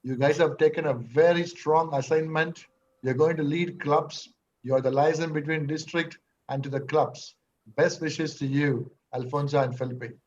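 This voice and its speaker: A man's voice: on the high side, steady tone, moderate pace, muffled recording. A man in a casual club meeting, congratulating newly elected leaders over call audio. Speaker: club member.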